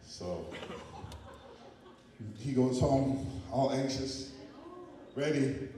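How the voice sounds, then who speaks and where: A man telling a story to a gathering, with an animated, playful delivery. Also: mid-range voice, slow pace, long pauses. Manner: animated, playful, voices his characters. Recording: echoey hall from far off.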